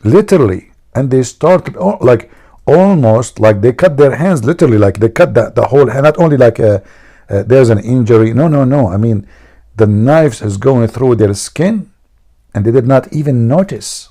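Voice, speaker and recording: A man's voice: mid-range voice, expressive, normal speed, dark tone. A man hosting a live stream, teasing his viewers and telling jokes in a mocking way. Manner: mocking, teasing, jokey asides.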